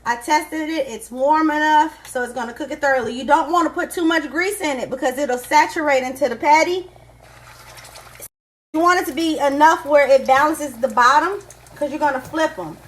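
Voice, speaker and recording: A woman hosting a casual home cooking lesson, chatting through each step in a relaxed way. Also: sits high, moderate pace. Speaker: cooking show host. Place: home kitchen.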